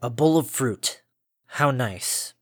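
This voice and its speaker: A man's voice: medium pitch, animated, slow pace, dry recording, studio quality. A man voicing a stern old male pony farmer in a storybook reading, speaking with a scratchy, lethargic drone and formal curtness. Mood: droning. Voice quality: scratchy, droning.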